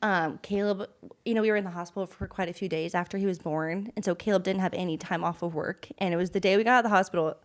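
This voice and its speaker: A woman's voice: lowish voice, quick pace. A young woman co-hosting a casual podcast, talking in a heartfelt way that turns emotional. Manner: warm, heartfelt, gets emotional about her mom. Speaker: podcast co-host.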